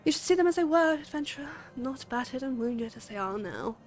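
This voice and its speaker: A haughty knight of a holy order, grandiose and theatrical, reads out game dialogue, as a woman puts him on. The voice sits a touch high and lingers on its lines with a sense of drama. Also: animated, a little fast, a little mellow. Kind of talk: reading game dialogue aloud.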